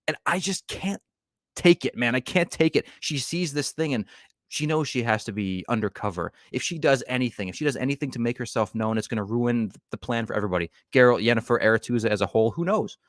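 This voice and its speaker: A man co-hosting a casual chat about a TV show, ranting in an exasperated, animated way. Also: mid-range voice, fast, no echo, clean studio sound. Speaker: podcast co-host.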